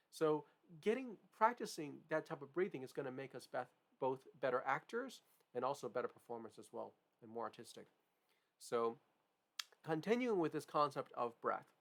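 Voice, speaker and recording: A man's voice: medium pitch, gravelly. A man teaching a music lesson, explaining with frequent "right?" and "okay?" check-ins. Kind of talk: piano lesson demonstration.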